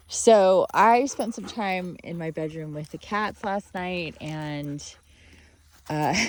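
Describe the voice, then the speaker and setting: A woman chatting casually in a video diary about her dog, rambling and playful, sometimes switching to baby-talk as she plays outdoors on a rural property. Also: low voice. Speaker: vlogger, dog owner.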